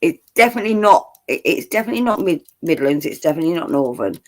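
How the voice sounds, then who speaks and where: Man, southern english accent, casual stream chat, jokey, fairly high voice, swoops up and down a lot. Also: sing-song, quick pace. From southern England. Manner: jokey, laughs often, restarts a lot.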